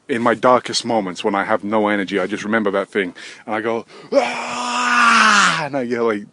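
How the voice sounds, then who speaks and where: A man in his thirties hosting a rambling solo podcast, swearing constantly, drifting between low mutters and sudden loud outbursts. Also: noisy background. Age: 30s. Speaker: podcast host. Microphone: desk microphone.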